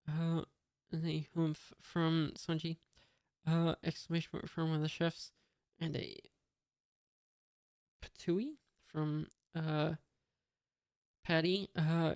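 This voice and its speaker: A reader reading a comic aloud in a monotone, reading out sound effects and punctuation with many hesitant fillers. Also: mid-range voice, takes it slowly, long pauses, clear, resonant tone, no echo, studio quality.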